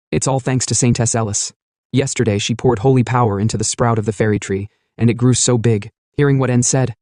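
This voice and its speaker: Man, recap narrator, quick delivery, mellow tone, steady storytelling. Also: mid-range voice, no room sound, clean studio sound. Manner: steady storytelling, quoting lines in same voice.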